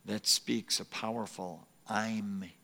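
A male pastor delivers a sermon at a slow, deliberate pace, his somewhat low voice husky and edged with gravel. He tells his story earnestly and sinks into soft whispers on repeated phrases, while his words ring out with the long reverb of a church hall. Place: church sanctuary.

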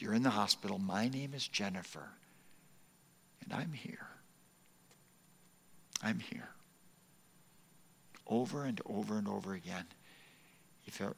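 A male pastor delivers a sermon at a slow, deliberate pace, his somewhat low voice husky and edged with gravel. He tells his story earnestly and sinks into soft whispers on repeated phrases, while his words ring out with the long reverb of a church hall. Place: church sanctuary.

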